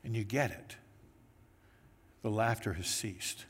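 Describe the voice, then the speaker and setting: Man preaching, animated, in an echoey hall. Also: fairly low pitch, slow, breathy edge. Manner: animated storytelling, acting out quoted voices. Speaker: pastor. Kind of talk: sermon. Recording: echoey hall with long reverb.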